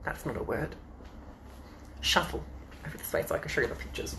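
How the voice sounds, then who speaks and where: An Australian man in drag hosts a live-streamed storytime from home, reading children's books into his phone and keeping up campy, playful chatter between pages. His medium-pitched voice is sing-song, fairly quick and gravelly, with frequent pauses, a sharp tone and a little hiss or hum.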